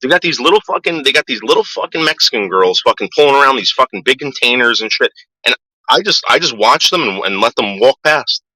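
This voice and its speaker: Man, middle-aged, casual rant, swears constantly, repeats himself, animated pitch, bright tone. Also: brisk, dry recording, poor audio. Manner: profane, stammering repeats. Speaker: vlogger.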